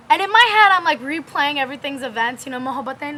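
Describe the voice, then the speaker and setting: A young woman vlogger telling a personal story in a casual, animated way, with lots of fillers and frequent laughs. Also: sits high, fairly quick, hardly any pauses, a little hiss or hum.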